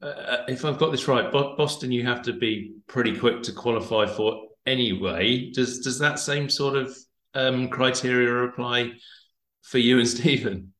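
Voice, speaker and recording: A man's voice: medium pitch, fairly even intonation, measured pace, a bit bright, reverberant. A man hosting an interview, asking questions hesitantly, repeating words and laughing easily. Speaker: podcast host. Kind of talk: casual interview talk.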